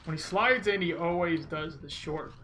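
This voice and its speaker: A man's voice: fairly high pitch, normal speed, bright, forceful tone, soft background music, rough recording. A man streaming a video game and chatting casually, rambling and reading viewers' messages aloud. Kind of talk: casual gameplay commentary.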